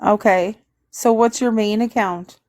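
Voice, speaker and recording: A woman's voice: mid-range voice, steady tone, unhurried, a little mellow. A woman with a Canadian accent in a candid, casual livestream chat, laughing often and answering viewer comments. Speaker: livestream guest.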